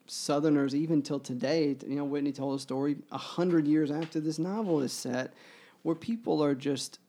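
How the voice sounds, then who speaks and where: Earnest guy discussing a book, soft dark tone, lots of you-knows and false starts. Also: fairly high pitch. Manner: earnest, halting with many fillers; grows emotional while reading aloud.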